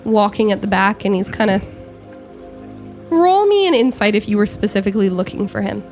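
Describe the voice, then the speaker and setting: A woman narrating as game master of a tabletop game, describing scenes with frequent pauses and self-corrections. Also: mid-range voice, animated, a little mellow, faint music behind.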